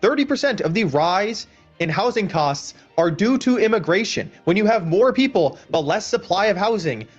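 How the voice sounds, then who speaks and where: A high-pitched man reads scripted commentary in a clipped, pointed manner, leaning on rhetorical questions. Faint music runs under him, and the sound is dull and muffled. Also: lively intonation, normal speed. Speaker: commentator in a played clip. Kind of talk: scripted political commentary narration.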